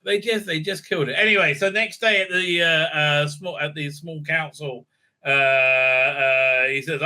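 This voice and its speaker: Bright-toned rambling man. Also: fairly high pitch, steady tone, unhurried. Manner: rambling, many fillers and restarts, acts out quotes. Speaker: video reviewer. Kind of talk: casual spoken recap and review.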